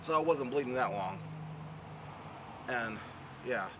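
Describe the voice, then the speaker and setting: A man's voice: mid-range voice, animated, takes it slowly. A man, chatting casually in a rambling way and restarting often, recording outdoors. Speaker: vlogger and pro wrestler. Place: outdoors near traffic. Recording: outdoor street noise audible.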